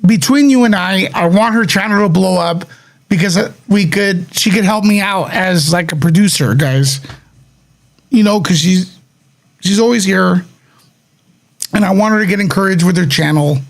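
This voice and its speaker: A man hosting a casual livestream, his voice worn hoarse and raspy, talking straight to his viewers. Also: sits high, moderate pace. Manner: rambling, addresses viewers directly. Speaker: livestream host.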